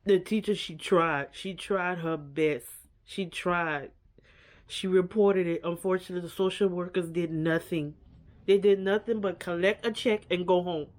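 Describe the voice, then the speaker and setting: A woman's voice: fairly low pitch, fairly even intonation, a little slow, darkish tone. A woman vlogger giving a casual, earnest reaction to a documentary. She repeats herself often and leans on "like" and "you know.".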